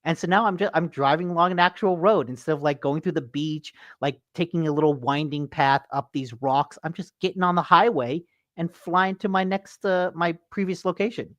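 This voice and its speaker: A man hosting a casual gaming podcast, an animated storyteller who swears freely. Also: fairly high pitch, normal speed, no echo, lo-fi sound. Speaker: podcast host.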